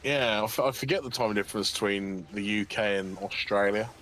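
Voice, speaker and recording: A man's voice: fairly low pitch, brisk, fairly bright tone, faint music behind. A man chatting casually as a guest on a stream, reacting with lots of exclamations. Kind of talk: casual chat.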